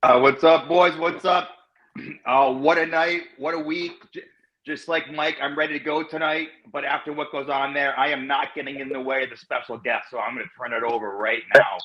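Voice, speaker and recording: A man's voice: mid-range voice, steady tone, a little fast, fairly bright tone. A man co-hosting a sports podcast in a casual, jokey, self-deprecating way. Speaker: podcast co-host. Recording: dull lo-fi call audio.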